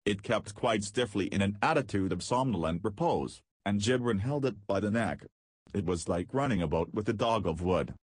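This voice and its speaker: Male audiobook reader, husky, measured storytelling, dry close sound. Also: fairly low pitch, animated, no room sound. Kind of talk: scripted narration.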